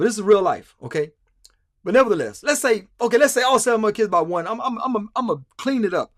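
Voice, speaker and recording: A male livestream host talks emphatically, repeating himself and stumbling into restarts. His voice sits a little high. The sound is dry and close to the mic. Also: a bit bright, no echo. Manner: emphatic, repetitive, stammering restarts. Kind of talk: casual livestream commentary.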